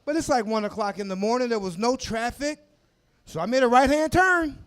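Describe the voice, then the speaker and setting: A man in his forties doing a crude, animated stand-up set on a comedy club stage, shouting his punchlines into a handheld mic. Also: very high-pitched, fairly quick, clear, resonant tone. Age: 40s. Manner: loud, crude, animated storytelling with shouted asides.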